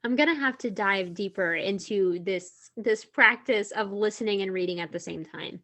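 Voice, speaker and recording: Chatty, animated young woman. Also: medium pitch, normal speed. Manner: animated, chatty, laughs often. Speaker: guest author. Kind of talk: casual interview chat.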